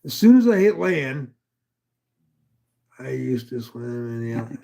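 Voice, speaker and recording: A man's voice: mid-range voice, big pitch swings, normal speed, gravelly, warm tone. A man from northwestern Pennsylvania telling a long story in casual chat, rambling and profane with many asides.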